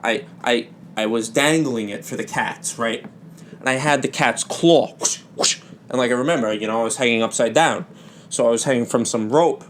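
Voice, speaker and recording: A young man hosting a comedy podcast, telling rambling absurd stories in a deadpan way with sudden loud bursts. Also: medium pitch, moderate pace, slight background noise. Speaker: podcast host. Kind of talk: absurd comic storytelling.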